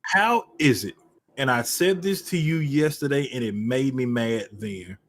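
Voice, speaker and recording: A man's voice: medium pitch, a little slow. A man co-hosting a podcast in casual chat, blunt and cursing freely. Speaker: podcast co-host.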